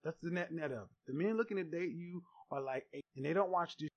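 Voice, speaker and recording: A man's voice: on the high side, fast talker, highs cut off. A man hosting a dating-advice talk show, talking in a profane, combative way.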